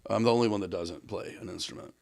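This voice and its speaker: A man's voice: fairly low pitch, fast talker, creaky, darkish tone. A man in casual podcast conversation, rambling a little, with many fillers and restarts.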